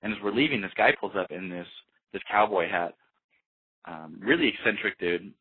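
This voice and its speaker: Young guy rambling thru a story, kinda husky, sounds like it's over a phone. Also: low-pitched, moderate pace, no room sound. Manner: rambling, relaxed, full of fillers and restarts. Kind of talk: casual storytelling. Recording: tinny phone-like dry sound.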